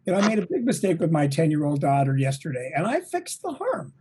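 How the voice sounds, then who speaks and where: A middle-aged man, a touring drummer, talking as an interview guest in an energetic, motivational way, swearing now and then. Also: on the high side, quick pace, breathy edge. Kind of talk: casual interview. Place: home, at a desk.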